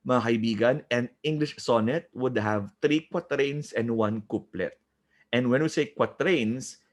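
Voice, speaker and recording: Chatty Filipino man teaching a review class. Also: mid-range voice. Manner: switches between English and Tagalog, poses questions to himself, says "my dear friends". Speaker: exam review lecturer. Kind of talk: informal review lecture.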